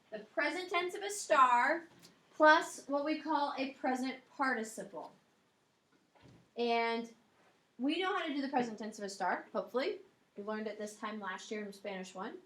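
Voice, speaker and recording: High-voiced woman teaching in an echoey classroom. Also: normal speed, sharp tone. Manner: explanatory, checks in with frequent "okay?" and "um". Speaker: Spanish teacher. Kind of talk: classroom grammar lecture.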